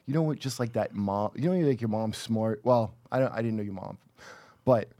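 A man's voice: on the low side, fairly quick, warm tone, no echo. A man co-hosting a comedy podcast, rambling in loose casual chat and laughing often. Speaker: podcast co-host.

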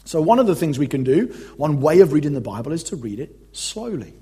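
A man's voice: fairly high pitch, big pitch swings, fairly quick, dark tone, husky. A man preaching a conversational, emphatic teaching sermon as a pastor. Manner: conversational, emphatic, reads quotes aloud.

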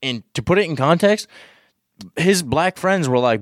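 A man's voice: a little high, lively intonation, moderate pace, no echo, clean studio sound. Young man rambling on a podcast. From Minnesota. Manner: rambling, profane, restarts a lot. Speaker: podcast guest. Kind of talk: casual chat.

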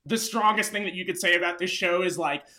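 A man co-hosting a casual chat, relaxed, full of fillers and swearing freely. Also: sits high, quick pace. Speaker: podcast co-host.

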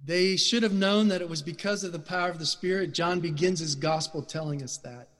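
Brief: middle-aged male preacher, fervent and emphatic, fairly high voice, echoing sanctuary. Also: fairly quick. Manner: passionate, loud and emphatic. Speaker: guest speaker. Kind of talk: sermon. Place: church sanctuary. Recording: reverberant church hall.

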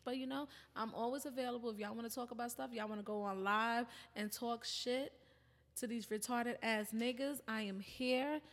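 A woman's voice: a little high, steady tone, normal speed. A woman hosting a podcast in casual chat, blunt, teasing and profane. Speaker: podcast host. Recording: roomy reverb.

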